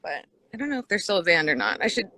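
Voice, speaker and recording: A woman's voice: on the low side, very animated, very fast, sharp tone, no room sound. A woman joining a casual livestream as a guest musician, laid-back and laughing as she rambles. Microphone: phone video stream.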